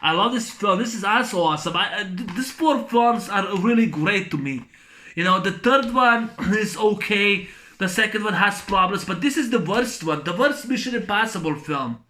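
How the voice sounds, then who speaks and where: Man, film reviewer, high pitch, bright tone, rambling repetitive rant, swears a lot. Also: expressive, normal speed. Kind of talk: casual spoken video review.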